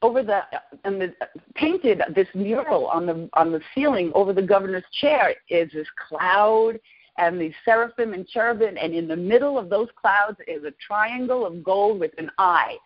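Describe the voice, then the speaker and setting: A woman in her sixties, a podcast guest, excitedly and emotionally telling a personal story. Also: medium pitch, moderate pace. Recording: lo-fi podcast audio.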